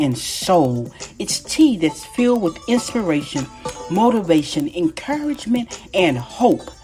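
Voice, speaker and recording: A Texas woman with a Southern accent hosts a podcast as a life coach, delivering an upbeat monologue in an enthusiastic, folksy way and repeating her greetings. Her voice is lowish with a darkish tone.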